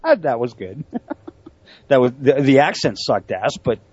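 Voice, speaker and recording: A man's voice: mid-range voice, big pitch swings, measured pace, a little mellow, no echo. A man hosting a talk radio show, bantering casually and laughing often. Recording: dull, husky lo-fi audio.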